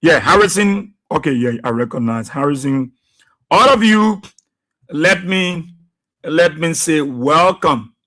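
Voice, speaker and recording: A man hosting a live radio show, reading out listeners' names and places in an unhurried way with many pauses. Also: on the high side, lively intonation, pushed and bright. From Liberia. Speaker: radio host.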